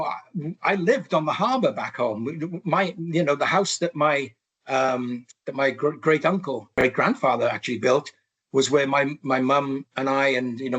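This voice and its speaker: A man's voice: mid-range voice, breathy edge. A Welsh man in his sixties, a podcast guest telling his life story in a rambling way, full of restarts and asides. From Wales. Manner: rambling, many restarts and "you know".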